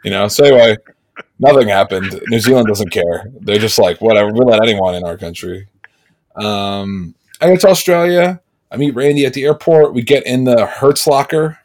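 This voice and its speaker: A man's voice: mid-range voice, moderate pace. A man co-hosting a casual podcast chat, telling rambling stories and acting out what others said. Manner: rambling storyteller, animated when quoting others. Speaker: podcast co-host.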